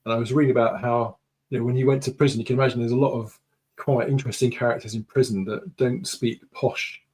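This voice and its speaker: Male guest from the UK, mid-pitched, relaxed anecdotal delivery on a video call. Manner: chatty storytelling, unhurried. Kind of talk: casual conversation.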